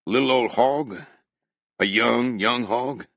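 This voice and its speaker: A man voicing a stern older rural hog owner from who speaks in a slow, dry drawl. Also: medium pitch, gravelly, fairly bright tone, no room sound, lo-fi sound, pitched above the performer's own voice, exaggerated voice. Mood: dry shrewd.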